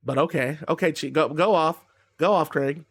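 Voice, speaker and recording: A man's voice: on the high side, normal speed, breathy edge. A man casually narrating a wrestling game league, rambling, swearing freely and laughing at his own stories.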